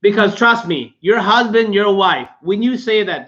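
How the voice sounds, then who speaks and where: A man's voice: high-pitched, lively intonation, unhurried, a bit bright. A man co-hosting a relationship talk, giving advice in an earnest, repetitive coaching tone. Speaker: relationship podcast co-host. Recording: dull lo-fi sound.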